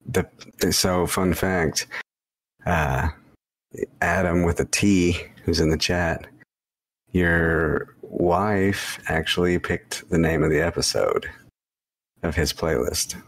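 A man's voice: sits low, steady tone, slow, long pauses. A man hosting a podcast over a voice call, laid-back and loose, with casual swearing. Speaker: podcast host. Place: home, remote voice call.

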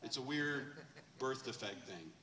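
A man preaching a sermon in a church and telling a story in a loose, chatty way, with fillers and quick laughs. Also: medium pitch, expressive, pushed and bright. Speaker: pastor. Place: church sanctuary. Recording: echoey church room, distant mic.

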